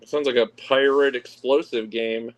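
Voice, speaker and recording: A man's voice: mid-range voice, steady tone, unhurried, poor audio. A man co-hosting a casual chat, chiming in with short jokes. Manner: joking, chimes in with short quips.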